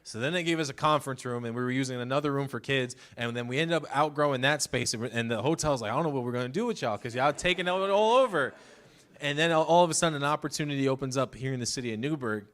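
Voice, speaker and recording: A man's voice: medium pitch, fast talker, a bit bright. Young man preaching, conversational. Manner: emotional, holding back tears; conversational, many "like" fillers. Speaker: pastor's son preaching. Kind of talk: sermon with personal testimony.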